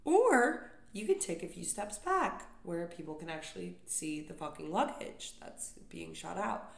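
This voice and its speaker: A woman's voice: lowish voice, expressive, a little slow, creaky. A young adult woman hosting a podcast, delivering a comedic solo rant full of profane, exasperated complaints. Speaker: podcast host. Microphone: podcast microphone. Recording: roomy echo.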